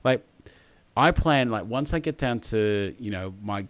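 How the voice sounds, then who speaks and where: A fairly low-pitched man hosts a casual livestream chat. He rambles and jokes as he reads out viewer comments and answers them in an easygoing way. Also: lively intonation, measured pace. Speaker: livestream host.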